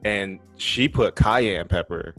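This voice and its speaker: A blunt man swaps stories on a casual podcast, swearing freely and laughing as he goes. His voice sits a little low. Faint music hums in the background. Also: slow, fairly bright tone. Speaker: podcast co-host. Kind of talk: casual storytelling chat.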